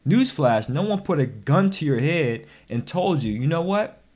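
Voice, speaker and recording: A man delivers a recorded money lesson in a lively, preachy tone, his pitch sitting a little above the usual. He drives points home with sudden loud bursts of emphasis. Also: a little slow. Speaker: personal finance coach. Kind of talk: motivational financial lesson. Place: recorded instruction.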